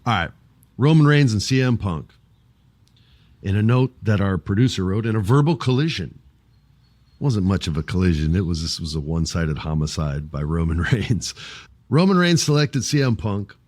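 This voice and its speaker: A man's voice: deep voice, very animated, normal speed, darkish tone, no room sound. A man hosting a podcast, chatting casually about wrestling, acting out wrestlers' lines and swearing freely. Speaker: podcast host.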